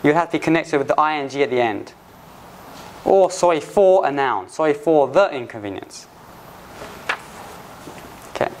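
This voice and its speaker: A man teaching English phrases to learners, patiently repeating examples slowly and restarting often. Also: a little high, lively intonation. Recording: faint background noise.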